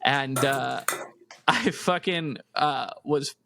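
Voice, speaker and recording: A man's voice: medium pitch, extremely slow, creaky, noisy background. A man co-hosting a casual podcast, telling stories with lots of swearing and laughter. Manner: animated storyteller, swears, laughs through stories. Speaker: podcast co-host. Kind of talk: casual chat.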